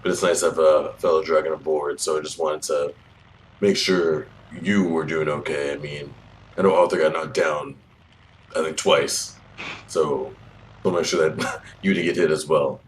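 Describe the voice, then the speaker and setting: A man playing a tabletop game, hesitant and soft-spoken, often trailing off. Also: a bass voice, fairly even intonation, moderate pace, a little hiss or hum, low-quality recording. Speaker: player. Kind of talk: casual tabletop play.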